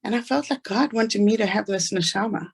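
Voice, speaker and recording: A woman's voice: medium pitch, creaky, slightly rough. A woman with a South African accent giving an earnest, inspirational talk about her own life. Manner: earnest storytelling, fast asides. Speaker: speaker.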